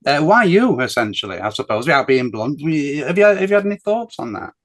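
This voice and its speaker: Male podcast host, higher voice, fumbling restarted questions. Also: very animated, a little fast. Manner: restarts questions, repeats himself. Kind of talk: interview questions.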